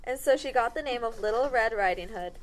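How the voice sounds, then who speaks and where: A woman's voice: fairly high pitch, fairly quick, low-quality recording. Wry woman narrating a comic fairy tale. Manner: wry, stops to correct herself and the cast.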